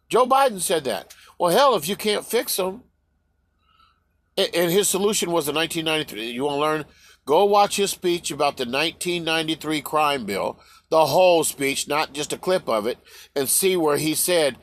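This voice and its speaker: Man, high-pitched voice, heated profane rant, rhetorical questions, repetitive restarts. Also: expressive, moderate pace, fairly bright tone. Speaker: vlogger. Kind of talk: ranting commentary to camera.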